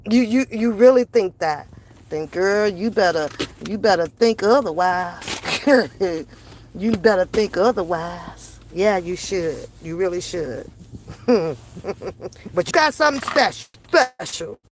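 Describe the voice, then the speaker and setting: A woman's voice: fairly low pitch, lively intonation, takes it slowly, a little hiss or hum. A woman streamer, ranting to her viewers in brash, mocking, profane commentary. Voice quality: brash, sassy, swearing heavily. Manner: confrontational, mocking, laughs between jabs.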